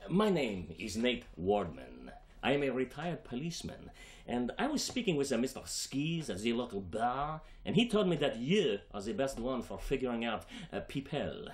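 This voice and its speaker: A man's voice: medium pitch, big pitch swings, racing, hardly any pauses. An actor playing a bumbling retired policeman with an outrageous put-on accent, stammering and hesitant. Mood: flustered. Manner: hesitant, stammering, bursts into shouting. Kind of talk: comedic film scene acting.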